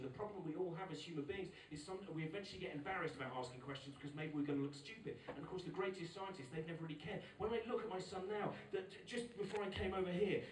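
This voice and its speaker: Animated comedian in his forties. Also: high-pitched. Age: 40s. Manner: animated, exasperated storytelling with loud outbursts. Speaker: stand-up comedian. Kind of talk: stand-up set. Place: live venue with audience. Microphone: recorded from far off by a phone camera. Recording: echoey, distant phone recording with noise.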